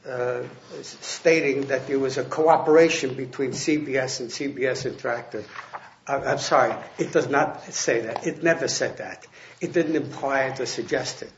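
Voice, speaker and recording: A man arguing a case before judges in a courtroom, halting and restarting often with fillers. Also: mid-range voice. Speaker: attorney arguing an appeal. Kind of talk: courtroom oral argument. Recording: echoey, muffled courtroom audio with faint hiss.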